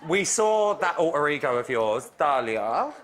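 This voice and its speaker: A man's voice: a little high, very animated, unhurried. A man hosting a live studio show, camp and teasing with his guest. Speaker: talk show host. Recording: loud audience and music behind.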